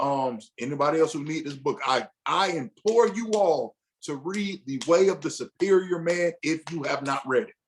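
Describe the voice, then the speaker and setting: With a fairly high voice and a bit of hiss or hum on the recording, a man teaches a men's group casually. He's conversational and loose, frequently restarting sentences and voicing a husband's inner thoughts.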